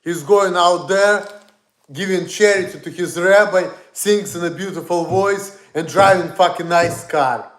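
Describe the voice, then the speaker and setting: Guy on a stream, high voice, rambling and cursing, kinda echoey. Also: measured pace, fairly bright tone. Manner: blunt, profane, rambling. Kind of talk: casual livestream rant.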